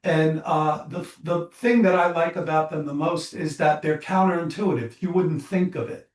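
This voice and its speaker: A man guesting as a psychologist and author tells stories in an animated, restless way, stumbling through fillers and restarts. His voice sits a little high for a man. It rings in an echoey room and is picked up from some distance. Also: normal speed. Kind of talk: interview storytelling.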